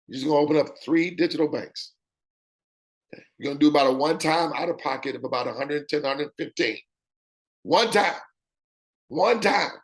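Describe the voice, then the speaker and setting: A man with a raspy voice delivers an animated sales-pitch demonstration. His pitch sits in an ordinary middle range. He keeps tossing in "okay?" to check that his listeners are with him. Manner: animated, repeats "okay?" often. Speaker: presenter.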